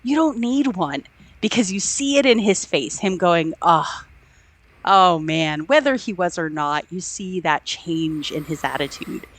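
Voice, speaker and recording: A woman's voice: on the low side, lively intonation, normal speed. A woman co-hosting a podcast, enthusiastically retelling film scenes with acted-out quotes and frequent laughter. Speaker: podcast co-host. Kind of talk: casual film discussion.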